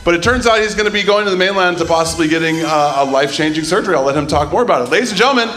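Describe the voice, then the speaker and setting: A man hosting a comedy show, bantering loudly and teasing the comics on a club stage. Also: fairly high pitch, very fast. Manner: loud, teasing emcee banter.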